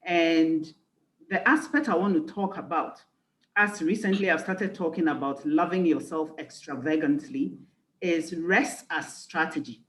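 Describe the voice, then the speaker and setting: A woman's voice: low voice, moderate pace, roomy sound, poor audio. A woman life coach giving a conference talk, earnest and reflective, leaning on key phrases. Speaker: executive life coach and speaker.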